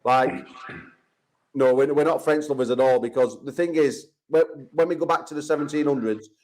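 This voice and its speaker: A man's voice: mid-range voice, normal speed, darkish tone, low-quality recording. An English man hosting a call-in chat show, talking in brash, profane trash-talk banter. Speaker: host.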